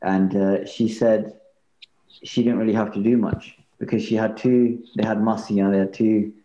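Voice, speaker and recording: Male podcast host, low warm tone, gentle and reflective; echoey, muffled recording. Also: level tone, normal speed. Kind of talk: casual interview chat. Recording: roomy, dull-sounding.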